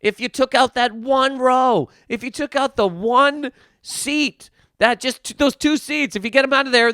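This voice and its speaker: A man's voice: very high-pitched, sharp tone, no echo, studio quality. A man hosting a podcast, delivering a heated, profane comedic rant full of restarts and repeated words. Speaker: podcast host.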